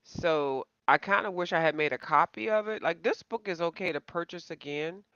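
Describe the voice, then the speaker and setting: Woman streamer, bright chatty voice, rambling and self-deprecating, dry lo-fi recording. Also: on the low side, normal speed, no echo. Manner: rambling, chatty, addresses viewers as y'all. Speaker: coloring channel host. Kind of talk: casual live-stream chat. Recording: slightly dull, dry home recording.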